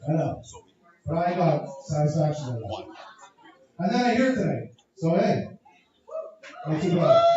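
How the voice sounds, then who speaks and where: Profane stand-up comic from Canada. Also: male voice, on the high side, mellow. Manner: crude, profane, riffing with the crowd. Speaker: stand-up comedian. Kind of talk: stand-up set. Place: comedy club stage. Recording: echoey, dull club recording from far off.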